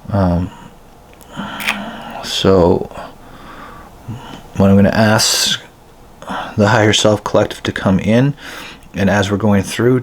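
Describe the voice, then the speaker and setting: Leading a guided energy-healing session, this spiritual healer talks at an unhurried, deliberate pace in a fairly low voice. His speech is full of ums and phrases he chants over and over.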